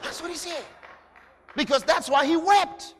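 A man preaching a sermon, swinging between hushed passages and shouting. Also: extremely high pitch, measured pace. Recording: reverberant hall.

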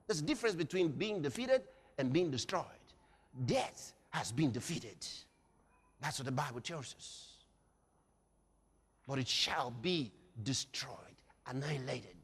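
A male preacher with a very high, animated voice delivers a dramatic sermon, swinging between hushed and shouted passages. His tone is bright and sharp, and a long reverb hangs on each line like a large hall. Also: unhurried, breathy edge.

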